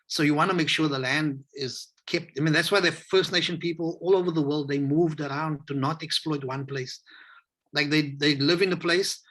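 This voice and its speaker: A South African man talking in a relaxed, rambling way and acting out the voices of people he quotes, as a guest on a video call interview. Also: fairly high pitch, moderate pace. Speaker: hip hop educator, interview guest. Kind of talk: casual interview conversation.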